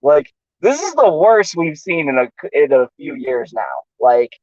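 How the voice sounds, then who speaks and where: A man's voice: a little high, very animated, normal speed, warm tone, dry recording. A man with a slightly raised voice chatting as a stream guest, hesitant and restarting his sentences. His audio comes through dull and muffled, with a dry, closed-in sound. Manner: hesitant, lots of fillers and restarts. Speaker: guest co-host. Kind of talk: casual chat.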